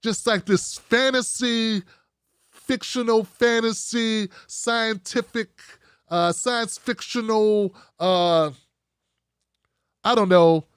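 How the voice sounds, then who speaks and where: A man's voice: high voice, clean tone, no echo, clean studio sound. A man hosting a livestream, giving frank, rambling commentary straight to his viewers. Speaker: show host.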